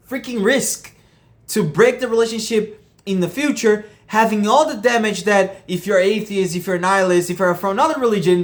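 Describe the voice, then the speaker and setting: A man giving earnest relationship advice, often checking whether the listener follows him. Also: high-pitched. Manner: earnest, keeps asking "you get what I mean?". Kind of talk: casual monologue to camera.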